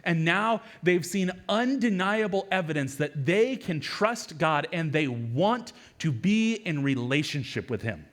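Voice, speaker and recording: A male pastor with a somewhat high voice delivers a lively sermon. He keeps it conversational, throwing in quick asides and repeating words as he goes. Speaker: lead pastor.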